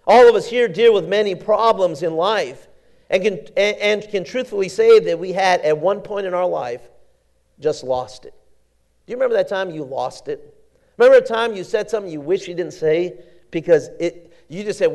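A man preaching a sermon in an animated, conversational way, often repeating words as he goes. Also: a little high, moderate pace.

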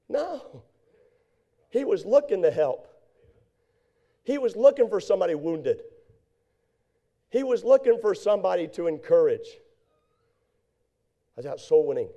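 A man preaching a sermon, repeating phrases in a steady cadence and acting out the people in his stories. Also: high-pitched, measured pace, long pauses, highs cut off. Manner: repetitive preaching cadence, acts out quoted voices. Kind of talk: sermon with storytelling.

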